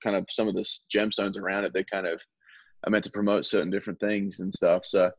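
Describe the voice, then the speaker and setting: A young man with an Australian accent talks in a low voice, wandering through casual stories with plenty of fillers and restarts. The sound is dry and a little dull, with no room around it. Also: level tone, fast, husky, dry recording. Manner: rambling, full of fillers and restarts. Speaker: baseball relief pitcher, guest. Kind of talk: casual interview chat.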